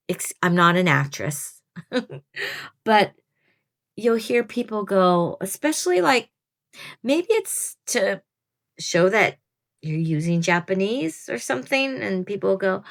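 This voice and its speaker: A woman's voice: medium pitch, animated, takes it slowly, gravelly, pauses often. A woman in her fifties giving casual, chatty advice to newcomers, rambling a little and laughing at herself. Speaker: veteran program participant giving advice. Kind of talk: casual advice talk to camera.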